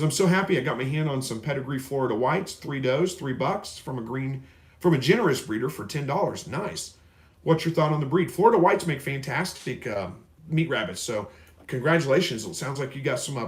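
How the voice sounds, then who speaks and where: A man from Missouri hosting a casual live stream, reading viewer questions aloud and answering in a rambling, folksy way. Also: medium pitch. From Missouri, USA. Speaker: livestream host. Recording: roomy echo.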